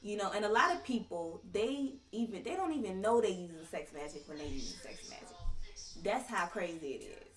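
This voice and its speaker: A woman explaining her ideas in a relaxed podcast chat, sure of herself and full of loose slang. Her voice sits at an ordinary pitch. The recording is roomy and she sounds a little back from the mic. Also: fairly quick, distant mic. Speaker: guest, tantric sex coach. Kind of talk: casual podcast conversation.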